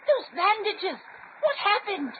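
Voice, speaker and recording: A woman's voice: very high-pitched, very animated, slow pace, slight background noise, exaggerated voice. An anxious, proper young lady. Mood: earnest. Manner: earnest, worried, proper speech. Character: anxious young woman searching for her father. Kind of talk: old-time radio drama acting. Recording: tinny, narrow-band radio broadcast.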